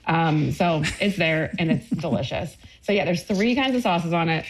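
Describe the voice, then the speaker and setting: A woman's voice: fairly low pitch, expressive, normal speed, slight background noise. A woman talking about her cookbook in a casual interview, enthusiastic and rambling with lots of fillers. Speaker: cookbook author guest.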